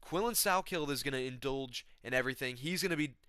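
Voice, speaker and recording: A man's voice: mid-range voice, fast, sharp tone, clear, resonant tone, no room sound, studio quality. A young man rambling in a laid-back, slangy comedic monologue as a vlogger.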